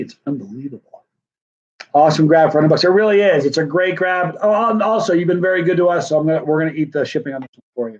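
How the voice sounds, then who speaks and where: Rambling through a friendly patter, a man hosts a laid-back livestream to sell signed hot sauce. He speaks with a fairly high, somewhat mellow voice, captured in dull, muffled lo-fi sound.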